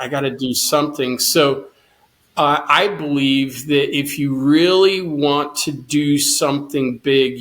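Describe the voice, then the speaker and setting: A man's voice: medium pitch, fairly bright tone. Earnest man telling his story. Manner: earnest, quotes his own thoughts with rising intensity. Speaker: guest, cancer survivor and swimmer. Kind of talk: storytelling interview.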